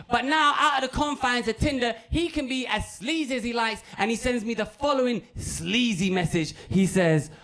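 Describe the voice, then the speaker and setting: High-voiced stand-up comedian. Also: male voice, moderate pace. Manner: animated, punchy storytelling with a sweary, petty humour. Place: comedy club stage.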